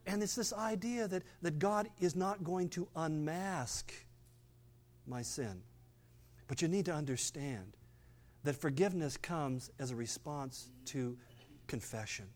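An older pastor delivers a sermon in a conversational style, tossing in playful asides and at times dropping his voice low and quiet for emphasis.

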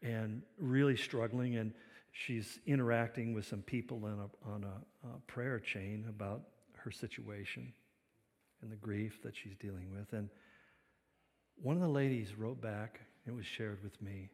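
A man's voice: lowish voice, fairly even intonation, a little slow. Man preaching in a reverberant hall. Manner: dynamic preaching, swinging between loud emphasis and quiet reflection. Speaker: pastor. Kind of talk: sermon. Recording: long reverb of a large hall.

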